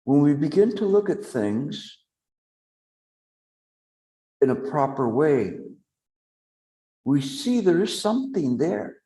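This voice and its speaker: Slow, mellow-voiced male meditation teacher. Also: fairly high pitch, very animated. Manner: slow, deliberate, with long pauses. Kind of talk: dharma talk.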